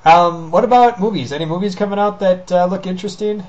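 A man with a somewhat raised voice who co-hosts a relaxed podcast, laughing and swearing freely. He sounds at ease among friends. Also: sits high, fast, lo-fi sound. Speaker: podcast co-host. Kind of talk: casual chat.

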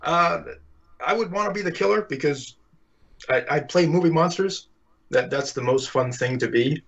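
Male actor guest, relaxed and self-mocking, lo-fi line. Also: a little high, moderate pace, vocal fry. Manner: laid-back, self-deprecating. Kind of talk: casual interview answers. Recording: dull lo-fi sound.

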